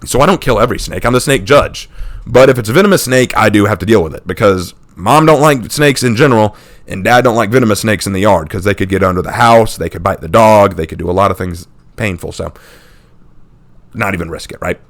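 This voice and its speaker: A man from the United States telling a funny childhood story on his channel and laughing often. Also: lowish voice. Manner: acts out people in the story with quick impressions. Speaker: channel host. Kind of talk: casual storytelling.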